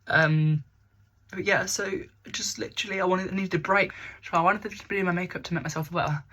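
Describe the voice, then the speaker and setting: Bright-voiced chatty young woman. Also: fairly low pitch, steady tone, a little fast. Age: young adult. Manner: rambling, chatty, self-mocking. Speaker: makeup vlogger. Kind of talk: casual makeup tutorial chat. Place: bedroom.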